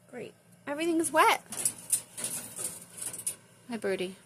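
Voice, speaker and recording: A woman's voice: high-pitched, sing-song, slow pace, long pauses, fairly bright tone, slight background noise. A woman talking baby talk to her pet birds, cooing and asking sing-song questions indoors by their cage. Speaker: pet owner.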